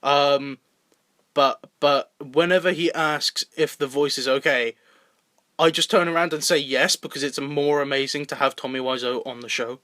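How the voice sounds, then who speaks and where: A man's voice: a little high, moderate pace, pushed and bright, no room sound. A young man co-hosting a casual podcast, rambling with frequent laughter and repeated words. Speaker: podcast co-host and indie filmmaker.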